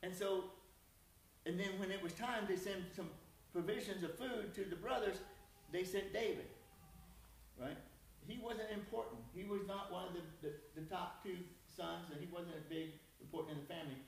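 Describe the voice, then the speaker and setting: A man preaching in a loose, chatty way, with a folksy, self-deprecating humor. His voice sits a bit high for a man. He is picked up from across the room, so the sound is distant, and a faint room hiss sits under the long church echo. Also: steady tone, normal speed, gravelly. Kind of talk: sermon. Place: church sanctuary. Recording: echoey church hall from far off.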